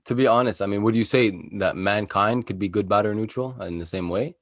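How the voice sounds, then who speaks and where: Young male podcast co-host, deep voice, casual explainer, dry sound. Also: brisk, no echo. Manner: conversational explaining with fillers, laughs easily.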